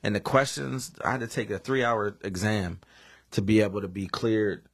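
A man's voice: fairly low pitch, moderate pace, no echo. A man hosting a casual podcast chat, blunt and joking.

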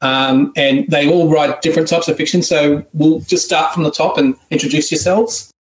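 A man's voice: a little high, steady tone, normal speed. A man with an Australian accent hosts an online writing seminar in a casual, joking, rambling way with frequent restarts. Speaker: seminar host. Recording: roomy echo.

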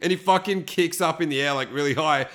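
A man hosting a podcast on his own, chatting loosely, swearing a lot and slipping into quick impressions as he retells scenes. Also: fairly high pitch, fairly bright tone. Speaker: podcast host. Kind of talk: casual solo podcast chat.

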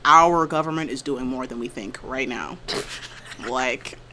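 A young woman co-hosting a podcast, talking casually, sarcastic and quick to laugh. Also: extremely low pitch, a little hiss or hum. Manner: animated, sarcastic, laughs often. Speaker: podcast co-host. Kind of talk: casual chat.

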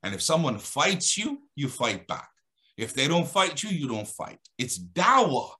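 A man appearing as a guest on an Islamic talk show tells a story with dramatic, animated emphasis that rises and falls. His voice sits fairly high, is bright and forceful, and moves a little slowly.

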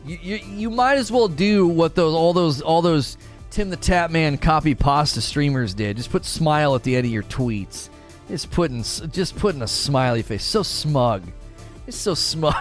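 A man in his thirties live-streaming, chatting with his viewers in an excitable, teasing way and often breaking into laughter. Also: a little high.

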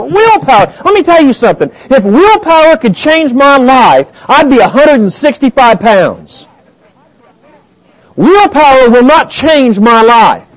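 A male pastor preaching a sermon, emphatic, moving between quiet stretches and loud rising points. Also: very high-pitched, rough recording.

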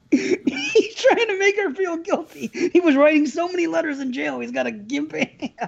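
A man's voice: very high-pitched, unhurried, vocal fry, lo-fi sound. A man co-hosting a casual movie chat, swearing often and laughing as he tells stories. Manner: profane, laughing, animated storyteller. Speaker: podcast co-host.

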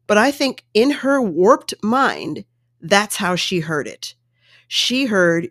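A woman casually retelling a story in an animated, exasperated way, slipping into quoted voices. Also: mid-range voice, slow, no room sound, clean studio sound.

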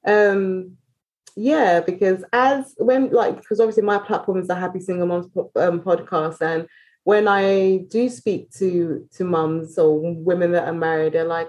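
A British woman speaking as a podcast guest in a candid, casual chat, talking openly and quickly and often restarting her phrases. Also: lowish voice, steady tone, darkish tone, highs cut off. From Britain.

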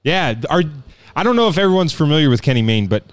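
A man's voice: on the high side, quick pace, clean tone, no echo. A man hosting a casual podcast quiz about sportscaster catchphrases, swearing and laughing as he talks. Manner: swearing, laughing, playful, lively, does sportscaster impressions. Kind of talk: casual chat.

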